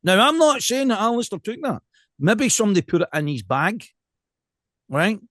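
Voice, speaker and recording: A Scottish man's fairly high voice carries casual podcast banter. He is animated and jokey, and the sound is dry and close to the mic. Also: moderate pace, dry recording. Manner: animated and jokey, tells stories with quoted asides. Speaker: podcast co-host.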